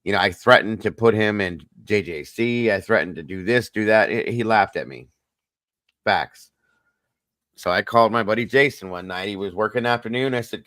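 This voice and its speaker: A man's voice: on the low side, normal speed, fairly bright tone, no echo. A middle-aged man hosting a casual livestream chat, telling a personal story earnestly and talking straight to his viewers. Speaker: host.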